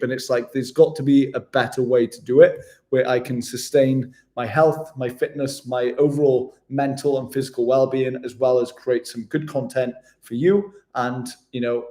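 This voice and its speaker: Hosting a live stream, this travel vlogger from Wales keeps things relaxed and friendly, addressing every viewer as mate. He speaks at a medium pitch with a dark tone.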